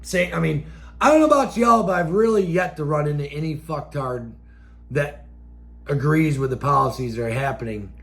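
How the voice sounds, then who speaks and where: A man hosting a show, delivering a profane, angry rant that keeps flaring into shouts. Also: fairly high pitch, animated, moderate pace, vocal fry. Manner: angry, swears constantly, flares into shouts. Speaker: show host. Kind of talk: profane ranting monologue.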